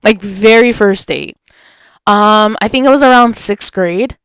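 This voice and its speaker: A young woman tells a personal story on a podcast, casual and animated, slipping into the voices of the people in it. Her voice is smooth and clean, recorded close and dry with no room sound. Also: mid-range voice, unhurried, no echo. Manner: animated, acts out quoted dialogue. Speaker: podcast host.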